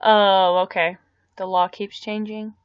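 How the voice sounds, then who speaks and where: Chatty woman on a live stream, mid pitch, dry dull lo-fi sound, just rambling at her chat. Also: level tone, unhurried, clean tone, dry recording. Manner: rambling, answering viewer comments aloud.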